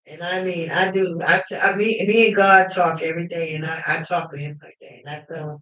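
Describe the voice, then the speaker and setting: A woman hosting a livestream, telling personal stories with emphatic fervor that at times rises to shouting. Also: on the low side, fairly even intonation, brisk, few pauses. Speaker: livestream host. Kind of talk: fervent personal storytelling. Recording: roomy, dull lo-fi livestream audio.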